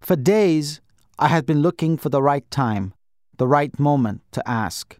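A man reading an audiobook in a measured, gentle first-person style. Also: on the high side, animated, no echo, studio quality. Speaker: audiobook narrator.

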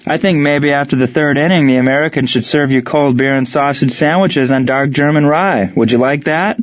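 A man's voice: mid-range voice, fairly quick, no room sound, close to an everyday voice. A man voicing a blunt, sarcastic American ballplayer. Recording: dry, dull lo-fi sound.

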